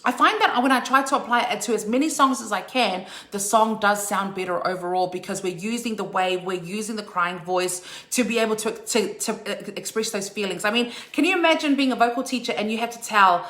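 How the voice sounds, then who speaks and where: Bright, upbeat woman teaching singing. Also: medium pitch, a little fast, hardly any pauses, echoey room. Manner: upbeat, checks in with "okay?" and "right?". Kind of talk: live online singing lesson.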